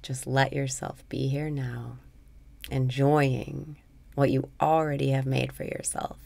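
A woman with a very deep voice guides a meditation at a slow, unhurried pace. Her tone is soothing, and a gravelly, creaky texture runs through her words. Now and then she sinks into a soft whisper. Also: level tone, dry recording.

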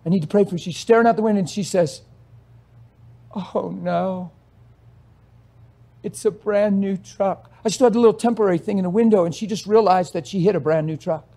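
High-voiced passionate male preacher. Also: racing, hardly any pauses. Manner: passionate, swells to emphatic shouts; storytelling, acts out conversations. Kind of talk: sermon.

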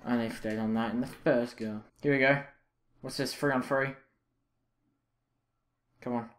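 A young man commentating his own football video game, reacting loudly and with frustration to misses and saves. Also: medium pitch, steady tone, normal speed. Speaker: gaming channel host. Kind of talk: live gameplay commentary.

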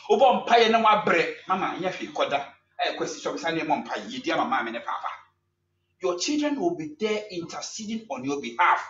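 A man with a Ghanaian accent, a church elder preaching a sermon and telling a story with lively sound effects and English phrases mixed in. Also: a little high, moderate pace. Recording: echoey, distant, dull with faint hum.

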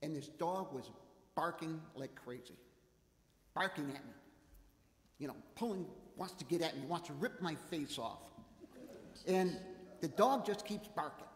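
An older man preaching a sermon, telling self-deprecating stories in an animated way. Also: a little high, measured pace, pauses often, roomy sound, big-room sound. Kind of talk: sermon with personal anecdotes. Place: church.

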